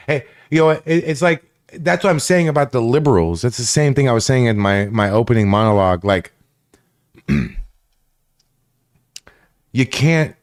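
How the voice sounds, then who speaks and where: A man's voice: mid-range voice, a little mellow. A man hosting a live stream, ranting at chat viewers in a combative, profane way. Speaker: livestream host. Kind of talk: live stream commentary rant.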